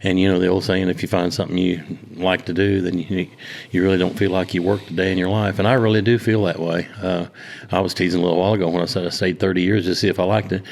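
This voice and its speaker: An older man with an Oklahoma accent telling stories from his law-enforcement years in a casual interview, slow and halting with many fillers. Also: low voice, little pitch movement, creaky, darkish tone. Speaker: hunting lodge owner, retired law officer.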